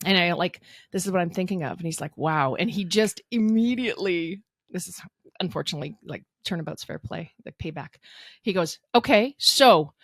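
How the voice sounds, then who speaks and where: A woman in her fifties, a mayoral candidate telling her story as an interview guest, animated and laughing often as she acts out what others said. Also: fairly low pitch, brisk, no echo, studio quality.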